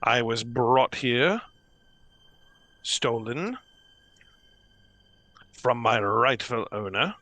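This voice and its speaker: A trapped professor speaks from inside a magic orb, voiced by a man at the game table. He is hushed, fussy and scholarly. He talks slowly, and the sound is dry and close. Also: medium pitch, lively intonation, no echo, full character voice. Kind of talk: tabletop role-play voice.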